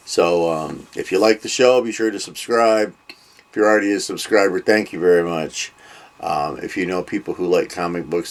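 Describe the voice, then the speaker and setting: An older man hosts a casual comic book vlog in a lowish voice. He rambles at an easy pace, dotting his talk with ums and drifting into side remarks. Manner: rambling, with many ums and trailing asides. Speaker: comic book review host.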